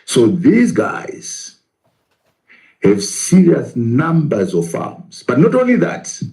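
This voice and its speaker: A man's voice: mid-range voice, huge pitch swings, takes it slowly, gravelly, warm tone, poor audio. A man, a professor, arguing in a political interview, asking rhetorical questions and answering them himself.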